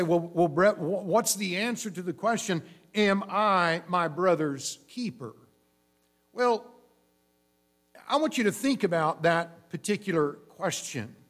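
Brief: male preacher, fairly high voice, measured explanatory delivery, some faint hum behind. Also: a bit bright. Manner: measured, explanatory preaching with frequent restarts and fillers. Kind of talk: sermon.

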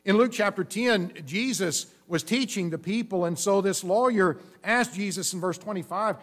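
High-voiced man preaching. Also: fairly bright tone. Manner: measured, explanatory preaching with frequent restarts and fillers. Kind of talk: sermon.

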